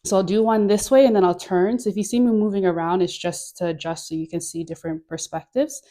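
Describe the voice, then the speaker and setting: A woman's voice: on the low side, steady tone, fast, warm tone. A woman leading a guided dance class, chatty and encouraging, laughing often and filling her talk with "like". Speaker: dance instructor.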